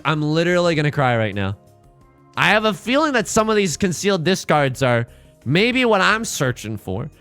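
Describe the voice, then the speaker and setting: A man streaming a live card-and-tile game, commenting in a jokey, animated way with dramatic outbursts. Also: fairly high pitch.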